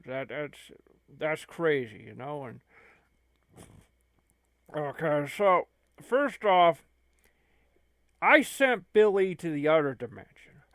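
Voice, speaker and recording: A man's voice: fairly high pitch, animated, slow, long pauses, a bit bright, dry recording. A man hosting a gaming channel, rambling and stammering through an improvised comedy skit. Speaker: channel host.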